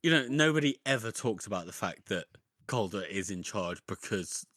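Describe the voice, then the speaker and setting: A man's voice: on the low side, animated, moderate pace, a bit bright, no room sound, studio quality. A man co-hosting a casual book podcast, talking in a conversational way and leaning often on "you know". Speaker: podcast co-host.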